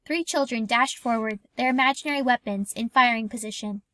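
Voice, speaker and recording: A woman narrating a novel aloud in a calm, even storytelling voice. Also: a little high, brisk. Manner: calm, even storytelling with lightly acted dialogue. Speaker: audiobook reader. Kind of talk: scripted narration.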